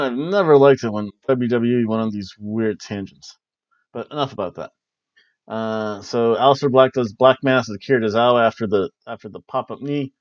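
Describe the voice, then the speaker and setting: A man's voice: medium pitch, a little fast, dry recording. Man rambling through a wrestling recap, lo-fi. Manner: rambling, jokey, breaks into silly voices. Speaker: podcast host reviewing wrestling. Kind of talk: casual solo recap.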